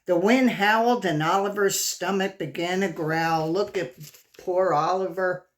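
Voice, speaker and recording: Brief: a woman reading a children's book aloud, slow and engaging, asking the kids questions. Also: lowish voice. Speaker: storyteller.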